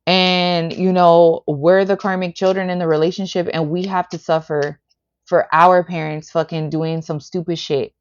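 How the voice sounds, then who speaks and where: A woman's voice: on the low side, flat delivery, moderate pace, highs cut off. A woman reading tarot on a livestream, blunt and heavily profane, filling her talk with "like". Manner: profane and blunt, heavy "like" and "bitch" fillers. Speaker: tarot reader.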